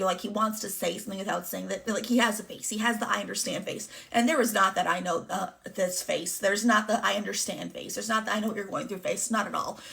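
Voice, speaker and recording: A woman's voice: medium pitch, creaky, fairly bright tone. A young adult woman from the Chicago area telling a personal story in a candid, rambling way with many fillers. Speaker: vlogger.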